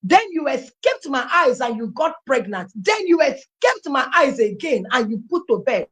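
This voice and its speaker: A woman's voice: high voice, sing-song, normal speed, a bit bright. A Nigerian woman voicing her stern, threatening mother in a cold, accusing tone.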